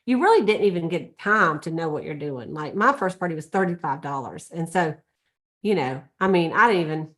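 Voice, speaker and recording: A woman's voice: low-pitched, animated, a little fast, fairly bright tone. A middle-aged or older woman, leading a sales meeting in a casual, chatty way and acting out little scenes. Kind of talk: casual motivational talk.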